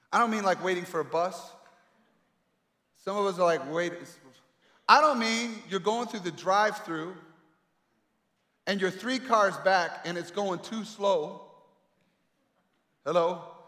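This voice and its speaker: A man preaching a sermon with emphatic delivery and dramatic pauses, swinging between loud calls and quiet asides. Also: high voice. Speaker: pastor. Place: large echoey hall. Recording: echoey hall with long reverb.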